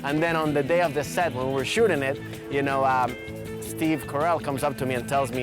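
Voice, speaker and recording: A man's voice: medium pitch, fairly even intonation, a little fast, music in the background. A man with a Spanish-influenced accent, a comedian telling casual stories about his work, chatty with many fillers. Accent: Latino Spanish-influenced. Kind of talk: casual interview storytelling.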